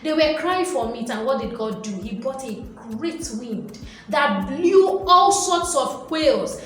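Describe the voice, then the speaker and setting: Lady doing bible teaching, kinda high voice, lots of echo off the walls. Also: takes it slowly. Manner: lively storytelling, acts out voices. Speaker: Christian video teacher. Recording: very echoey room.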